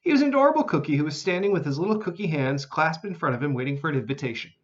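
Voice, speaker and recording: A man narrating a children's storybook in an expressive, animated reading style. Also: fairly high pitch, racing, lo-fi sound.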